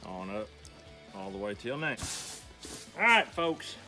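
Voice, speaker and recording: A man's voice: lowish voice, sing-song, slow pace, music in the background. A middle-aged man hosting a homestead show, giving an easygoing, folksy step-by-step demonstration. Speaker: homestead channel host. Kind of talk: how-to demonstration.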